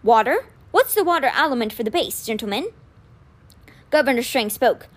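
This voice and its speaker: A woman's voice: on the high side, animated, moderate pace. A woman reading aloud, voicing a cold, ambitious young male official who speaks curtly in a storybook. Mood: probing. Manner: curt, clipped.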